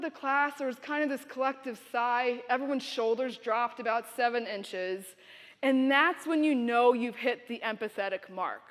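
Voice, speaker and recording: Female keynote speaker, expressive motivational storyteller, high voice, reverberant hall. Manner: storytelling, expressive, direct to audience. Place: university conference venue.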